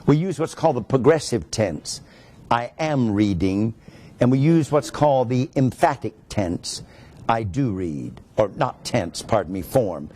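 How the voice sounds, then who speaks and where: A man's voice: mid-range voice, dark tone. A man, a pastor, teaching a sermon that explains grammar step by step and stresses his points.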